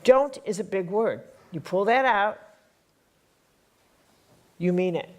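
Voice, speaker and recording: A woman's voice: medium pitch, expressive, takes it slowly, a little mellow. Blunt, emphatic woman teaching a workshop. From Chicago area. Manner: emphatic, repeats lines for punch, blunt and streetwise. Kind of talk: live spiritual workshop talk. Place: workshop hall with an audience.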